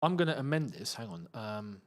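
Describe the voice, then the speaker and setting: A man's voice: mid-range voice, very animated, brisk. A young man hosting a live football watchalong, chatting and reading out viewer comments. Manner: chatty, reads out viewer comments, bursts into emotional shouts. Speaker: football channel host.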